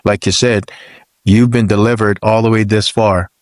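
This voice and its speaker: Low voice guy co-hosting a podcast, encouraging, stumbles on repeated words, dry sound. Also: level tone, moderate pace, no echo. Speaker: podcast co-host. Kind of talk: podcast conversation.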